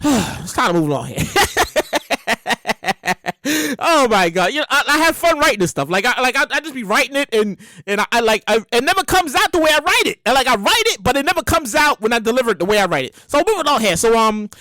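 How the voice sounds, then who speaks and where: A woman hosting a podcast in a casual comedic monologue, animated and emphatic, full of slang and swearing. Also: a little high, fast, few pauses, no room sound. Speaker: podcast host.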